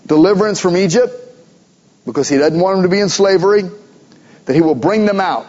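A pastor preaching a sermon in an earnest, emphatic way, driving points home through repetition. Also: male voice, sits high, brisk, pauses often, darkish tone, lo-fi sound.

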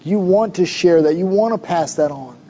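Pastor, male, middle-aged; high mellow voice, chatty animated sermon, dull lo-fi recording. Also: moderate pace, a little hiss or hum. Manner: conversational, animated preaching with asides.

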